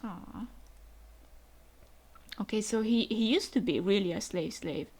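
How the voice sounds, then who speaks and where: A woman's voice: medium pitch, brisk, a little mellow, breathy edge. A young woman reading a comic aloud and reacting to it as she goes. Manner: reads dialogue aloud between short reactions. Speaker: manga reaction vlogger.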